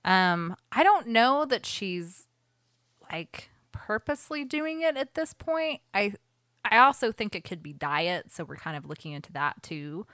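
A woman's voice: medium pitch, big pitch swings, unhurried, a bit bright, no room sound, studio quality. A young woman telling a story in casual podcast chat, full of "like"s. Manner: chatty storytelling with many "like"s.

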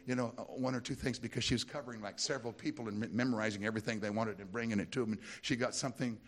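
An American middle-aged man preaching a sermon, telling folksy stories and rising into loud, emphatic preaching. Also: mid-range voice, fairly even intonation, very fast. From United States. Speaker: pastor. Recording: music playing behind.

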